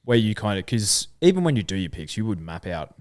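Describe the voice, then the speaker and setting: Here is an Australian man in casual podcast chat. His voice sits a little low but swings up and down a lot as he thinks out loud. The sound is dry and close, with no room around it. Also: a little fast, no room sound. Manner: animated, thinking aloud with fillers. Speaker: podcast co-host.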